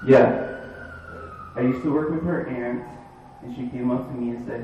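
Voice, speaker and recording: A man's voice: mid-range voice, flat delivery, distant mic, lo-fi sound, a little hiss or hum. Rambling comic man in an echoey bar. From Florida. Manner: halting, rambling delivery with many fillers. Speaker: stand-up comic. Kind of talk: stand-up comedy set. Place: dive bar.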